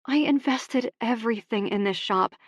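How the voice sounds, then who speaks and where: A woman's voice: a little high, moderate pace, no room sound, voice pushed up, natural voice. A woman narrator voicing an earnest young shopkeeper. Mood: pleading. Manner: pleading, emotional, raised voice. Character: young woman shop owner, earnest and hurt.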